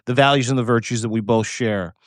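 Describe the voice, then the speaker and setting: Male co-host, emphatic and choked up, swears for emphasis, close dry mic, mid-pitched voice. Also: fairly even intonation, a little fast, dry recording. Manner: fervent, emphatic, swears, repeats words. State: choked up with emotion. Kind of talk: passionate live-stream chat. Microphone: remote video call.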